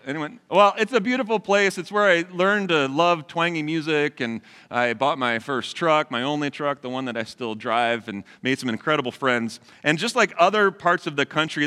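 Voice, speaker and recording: Lively-voiced male pastor in a reverberant hall. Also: a little high, brisk, hardly any pauses, smooth. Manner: conversational, asks the congregation questions. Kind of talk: sermon.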